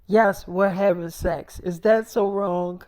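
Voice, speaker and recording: A woman's voice: lowish voice, fairly even intonation, slow, pitched below the performer's own voice. A woman voicing a defiant young werewolf wife. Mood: insistent. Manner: stubborn, quieter, talks back.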